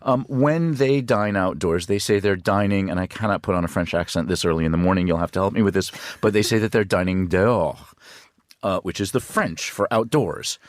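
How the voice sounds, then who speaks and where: A man talking as a studio guest on a news programme, chatty and halting, with fillers and restarts. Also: low voice, dry recording. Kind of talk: news discussion. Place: radio studio.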